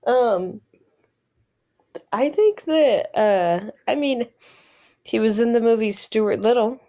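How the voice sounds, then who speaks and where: A woman's voice: fairly high pitch, mellow. A young woman co-hosting a podcast, chatting casually with lots of hesitations and giggles. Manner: hesitant, filler-heavy, giggly. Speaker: podcast co-host. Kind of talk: casual chat.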